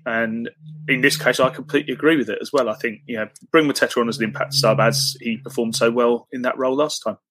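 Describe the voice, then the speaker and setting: A man co-hosting a casual football podcast, making his points in a measured, analytical way. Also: mid-range voice, steady tone, fairly bright tone, no echo. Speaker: podcast co-host.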